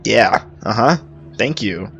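A young man doing let's-play commentary, loud and profane, breaking into squealing outbursts and jokes. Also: on the low side, lively intonation, slow, vocal fry, muffled recording. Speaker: gaming YouTuber.

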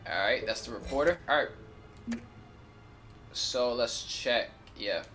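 A man hosting a gameplay video, rambling in a casual, slangy, animated way. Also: mid-range voice, slow, faint music behind. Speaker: gaming channel host.

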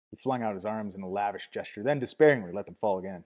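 A man reading a novel aloud as narrator, at a steady measured pace with small restarts. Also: on the low side. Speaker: audiobook narrator.

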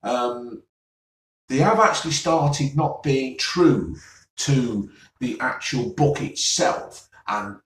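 Sarcastic man, mid-pitched, a grumbler with a sigh, recorded off-mic in an echoey room. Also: slow pace. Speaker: vlogger reviewing TV listings. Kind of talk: casual solo rant. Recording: roomy, mic at a distance.

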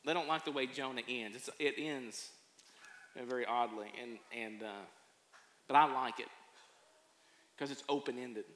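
A man who preaches a sermon as a pastor, telling stories with folksy humor and animated delivery. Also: mid-range voice, unhurried, pauses often. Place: church sanctuary. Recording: echoey church sanctuary.

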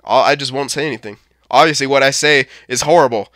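A young man giving live, profane gameplay commentary, swinging between shouting at his team and deflated muttering. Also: medium pitch, fast talker, no room sound, clean studio sound. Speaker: gaming commentator.

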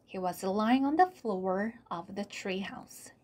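Slow, soft storybook reader. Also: female voice, medium pitch, animated. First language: Korean. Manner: soft, often dropping to a whisper. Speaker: channel host reading aloud. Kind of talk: slow read-aloud storybook narration.

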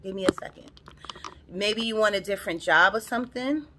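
A woman's voice: mid-range voice, fairly quick, noisy background. A woman giving a casual, rambling tarot reading into her phone, talking straight to her viewers and often repeating herself. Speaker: tarot reader.

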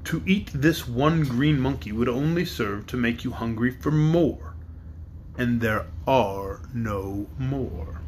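A man voicing a great chief dragon, speaking slowly and deliberately in a lowered voice. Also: a little hiss or hum, natural voice. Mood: stern. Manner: slow, deliberate and low.

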